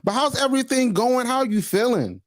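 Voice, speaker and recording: Brief: male podcast host, animated swings in pitch, dry close sound, hyped and slangy. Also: brisk, no echo. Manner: energetic, repeats "listen", slangy. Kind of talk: casual interview.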